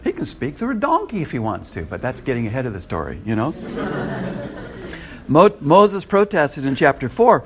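A man preaching a sermon in an animated way, with frequent chuckling asides. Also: mid-range voice, moderate pace, husky.

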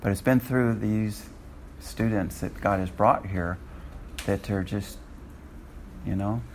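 A man, a Bible college lecturer and missionary, telling a testimony to a classroom, acting out his own words with sudden high jumps in pitch and bursts of laughter. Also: fairly even intonation, slow pace, darkish tone, slight background noise.

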